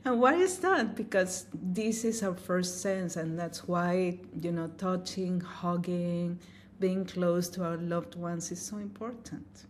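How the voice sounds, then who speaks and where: A woman sound healer answering interview questions in a gentle, earnest, sometimes emotional way. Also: mid-range voice, unhurried, slight background noise. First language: Spanish. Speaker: sound healer and opera singer.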